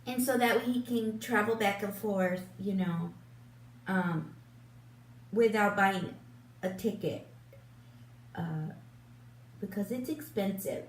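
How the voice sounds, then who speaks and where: A woman's voice: mid-range voice, darkish tone, a little hiss or hum. A woman in her fifties, a beauty vlogger chatting casually while getting ready, rambling with lots of ums and restarts. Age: 50s. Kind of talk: casual get-ready-with-me chat. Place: room at home in front of a big lit mirror. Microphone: camera a little way off, turned sideways. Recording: roomy echo, voice a bit distant from the mic.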